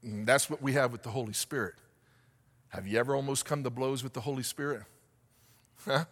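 A man preaching a sermon as pastor, asking the congregation questions and rising to shouts. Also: medium pitch, fairly even intonation, brisk, in a large hall.

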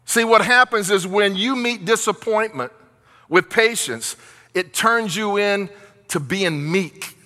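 A man's voice: sits high, unhurried, bright, forceful tone, big-room sound. A man preaching a sermon as pastor, earnest and repetitive, asking rhetorical questions.

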